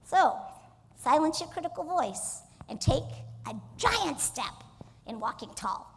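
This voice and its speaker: Woman motivational speaker, high voice, energetic keynote in a reverberant hall. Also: measured pace. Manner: energetic, coaxes the audience to join in. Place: stage in a large hall.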